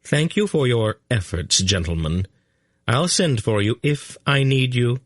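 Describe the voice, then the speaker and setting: A man voicing a calm, commanding sorceress who speaks crisply and with motherly authority, in an audiobook reading. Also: medium pitch, no room sound, clean studio sound, voice pushed up. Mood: brisk, soothing. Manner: crisp, brisk, gently condescending. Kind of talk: audiobook character voice.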